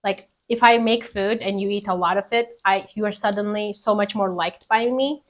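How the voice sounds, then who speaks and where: A young woman with a slight British accent, chatting casually and excitedly while cooking on a stream. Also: mid-range voice, normal speed. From England from age fourteen. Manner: chatty, exclamatory, laughs often.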